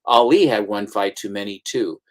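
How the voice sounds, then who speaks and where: With a fairly low pitch and a moderate pace, a man who owns a comic shop and hosts a channel talks casually about comics. He tells rambling stories full of restarts and asides, sometimes slipping into comic voices.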